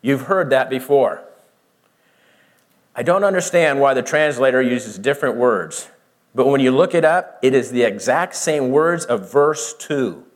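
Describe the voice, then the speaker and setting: A man with a medium-pitched, expressive voice gives a verse-by-verse Bible teaching, explaining slowly while asking listeners questions and acting out both positions in the argument.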